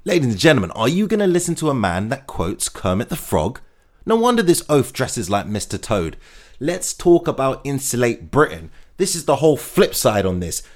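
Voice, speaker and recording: A man's voice: mid-range voice, sing-song, moderate pace, darkish tone. A man hosting a comic news monologue, sarcastic and mock-enthusiastic as he rattles through the headlines. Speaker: comedy host.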